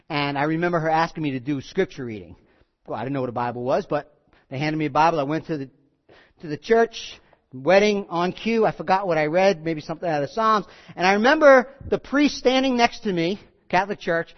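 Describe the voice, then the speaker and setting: A man preaching a sermon in a conversational, animated way, with frequent asides. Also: fairly high pitch, highs cut off. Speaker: pastor.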